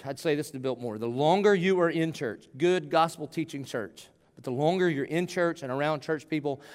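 A middle-aged man preaching a sermon as a pastor, talking to the congregation in an emphatic, conversational way that swells into pleading. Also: mid-range voice. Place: church sanctuary. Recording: long church reverb.

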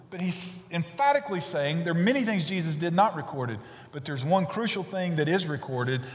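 A man preaching a sermon as pastor, swinging between quiet earnest stretches and loud emphatic passages. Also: on the high side. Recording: long reverb of a large hall.

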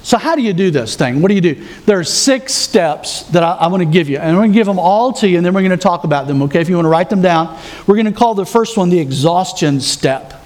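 A man's voice: sits high, expressive, fast talker, darkish tone. A man preaching a sermon, walking the congregation through numbered points with earnest rhetorical questions. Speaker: pastor.

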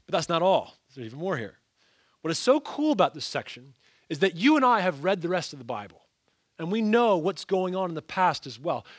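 A man preaching a sermon, asking the congregation rhetorical questions and often dropping his voice low and soft. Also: dry recording, studio quality. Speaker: pastor.

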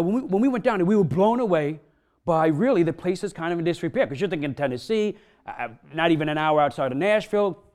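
Casual, emphatic preacher, fairly high voice. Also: male voice, darkish tone. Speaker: pastor. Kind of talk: sermon.

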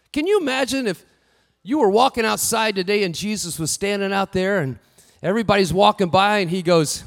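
A man preaches with animated delivery, his voice pitched very high and gravelly. He rises to shouts and acts out what the figures say. His words ring through a hall with a long reverb. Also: normal speed. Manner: animated, shouting at peaks, acting out quotes. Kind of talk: sermon.

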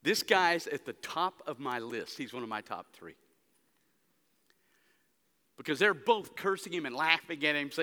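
Man, pastor, somewhat high and forceful voice, dramatic sermon delivery, long church reverb. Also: lively intonation, a little slow, long pauses. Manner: dramatic preaching, swinging between hushed and loud emphatic stretches. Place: church sanctuary.

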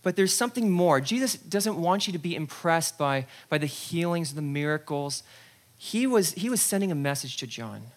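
Animated preacher retelling a story. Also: medium pitch, moderate pace. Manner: animated storyteller, acts out scenes; conversational, frequent "okay?" asides. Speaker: pastor. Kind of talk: sermon.

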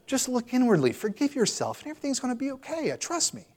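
A man's voice: extremely high pitch, wildly swooping pitch, fast talker, darkish tone, pitched above the performer's own voice, heavily acted. A man mimicking a breezy sweet-talking chaplain woman. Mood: placating. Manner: soothing, breezy, dismissive.

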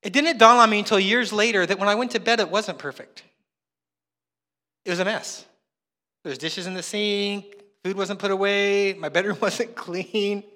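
A man's voice: sits high, normal speed, bright, forceful tone. A man preaching a sermon as pastor, telling chatty, self-mocking stories. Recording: long hall reverb.

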